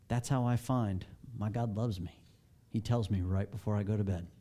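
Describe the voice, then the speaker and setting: A man's voice: on the low side, dark tone. A man, a pastor with children, giving a candid, self-deprecating, conversational sermon.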